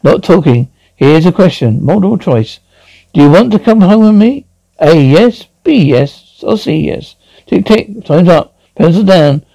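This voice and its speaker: Cocky, self-assured man with a teasing, quizzing manner, pitched a bit high, dry close sound. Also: lively intonation, measured pace, gravelly, mellow, no echo, heavily acted, poor audio. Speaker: lead character in a television drama. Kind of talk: scripted television drama dialogue.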